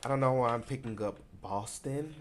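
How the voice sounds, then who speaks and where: A man's voice: mid-range voice, moderate pace, a little hiss or hum. A man from Tennessee, giving a casual, rambling tarot card reading. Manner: rambling and conversational, many fillers. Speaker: tarot reader.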